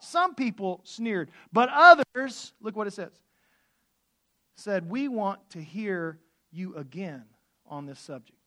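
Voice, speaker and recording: High-voiced animated male preacher. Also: slow pace. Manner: animated, swings from loud outbursts to hushed asides. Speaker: pastor. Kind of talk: sermon.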